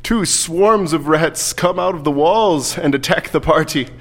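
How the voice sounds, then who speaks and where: A man's voice: on the high side, unhurried. A man narrating a tabletop game as game master, casual and laughing, with lots of fillers.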